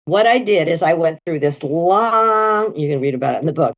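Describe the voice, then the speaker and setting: A middle-aged woman telling her story in an interview, animated and leaping into high quoted voices. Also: moderate pace. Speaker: guest, near-death experiencer.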